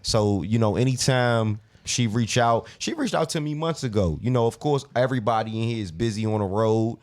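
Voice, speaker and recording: A middle-aged man chatting casually as a podcast guest, relaxed and often repeating his words. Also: mid-range voice, brisk. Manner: laid-back, repeats himself while speaking.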